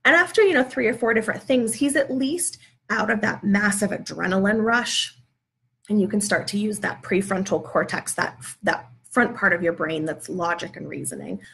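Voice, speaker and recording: A woman's voice: medium pitch, normal speed, creaky, fairly bright tone. A woman who is a parenting educator, giving a conversational live video talk and working through example dialogues.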